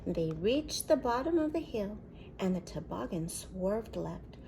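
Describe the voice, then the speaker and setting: Brief: daycare teacher reading a picture book aloud, slow and very lively, with whispered asides; woman. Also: medium pitch, gravelly, background noise. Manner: expressive, with soft whispered asides.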